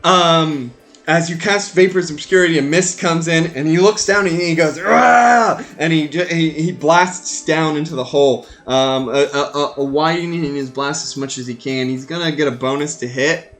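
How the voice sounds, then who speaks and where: A man narrating as game master in a tabletop game, animated and stumbling over his words. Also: on the high side, normal speed, faint music behind. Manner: animated narration with many fillers and restarts.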